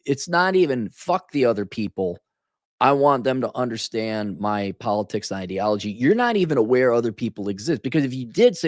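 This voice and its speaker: A man's voice: mid-range voice, no room sound, studio quality. A tired man hosting a solo podcast, ranting with sarcasm and profanity. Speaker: podcast host. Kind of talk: casual solo podcast rant.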